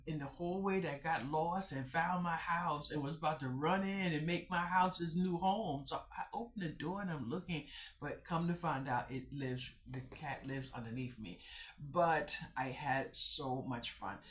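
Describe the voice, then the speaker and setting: A vlogger telling a personal story in a casual storytelling vlog, chatty and animated, talking straight to viewers and repeating the same catchphrase. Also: mid-range voice. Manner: animated storyteller, repeats "I kid you not", acts out others' voices; chatty, addresses viewers directly. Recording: dull lo-fi recording.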